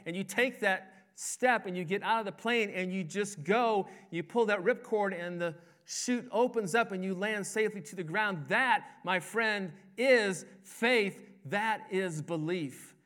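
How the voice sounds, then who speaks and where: A man's voice: high voice, measured pace, few pauses, fairly bright tone. A man preaching a sermon as a pastor, with an emphatic delivery that rises and falls. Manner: emphatic, rising and falling preaching cadence.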